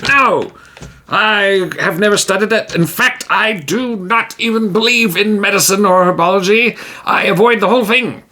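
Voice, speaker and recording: A pompous, self-proclaimed hero, as a man puts him on for a solo tabletop game. He declaims grandly in a raised, theatrical voice and brags about being fit and strong. His speech is slow and showy. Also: high voice, bright, forceful tone, pitched above the performer's own voice. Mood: boastful. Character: pompous, boastful male adventurer, proud of his strength.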